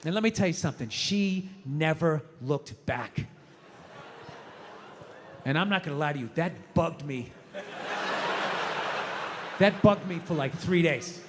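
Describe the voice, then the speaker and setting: A male stand-up comedian ranting and swearing, swinging from low muttering to shouting. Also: expressive, measured pace, long pauses. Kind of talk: stand-up routine. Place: comedy club stage. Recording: noisy stage recording with long reverb.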